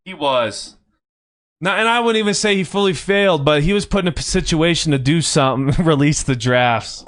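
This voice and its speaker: A man's voice: on the high side, animated, normal speed, a bit bright. A young man hosting a sports podcast, ranting in a heated, casual way and swearing often. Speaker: podcast host.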